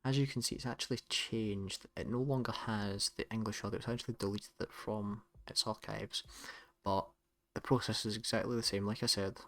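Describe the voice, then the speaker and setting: A man with a Scottish accent, hosting a casual tutorial in a relaxed, chatty way with some self-corrections. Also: fairly low pitch, moderate pace. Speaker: tutorial host. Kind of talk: casual screen-recorded tutorial.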